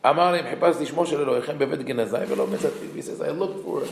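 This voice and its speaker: A man, a rabbi, teaching a Torah class, reading Hebrew text quickly and then explaining it in a conversational way. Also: medium pitch, gravelly, a little hiss or hum. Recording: echoey room.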